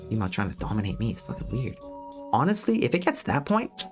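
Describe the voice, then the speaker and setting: A man's voice: mid-range voice, fast, over music. An American man giving blunt, profane dating advice in a casual livestream monologue. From United States. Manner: blunt, profane, animated lecturing.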